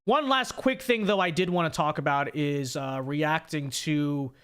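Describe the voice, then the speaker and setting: A man with a high voice talks straight into a streaming mic, reading viewer messages aloud and riffing on the news. He restarts his sentences often and keeps tossing in "okay?" to his audience. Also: unhurried, fairly bright tone, clear, resonant tone. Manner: casual, repetitive restarts and frequent "okay?". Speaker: political commentary host. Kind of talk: livestream commentary reading super chats.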